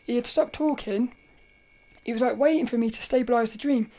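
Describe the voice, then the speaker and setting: Rambling woman with a mellow voice. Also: a little high, a little fast. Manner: rambling, animated, laughs often, restarts sentences. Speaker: podcast host. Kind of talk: casual solo podcast storytelling.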